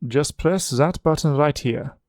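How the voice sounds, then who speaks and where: A helpful tourist with a heavy German accent, played by a male reader. He speaks slowly and deliberately. The voice is dry and close. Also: fairly high pitch, a little mellow, dry recording, pitched above the performer's own voice, natural voice.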